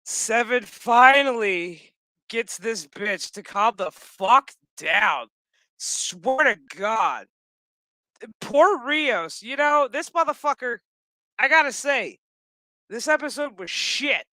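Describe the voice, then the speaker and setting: A man's voice: very high-pitched, expressive, slow, bright, forceful tone, no echo. A man giving a casual, profane episode recap with blunt opinions and exasperated, sarcastic asides. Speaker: show recap YouTuber.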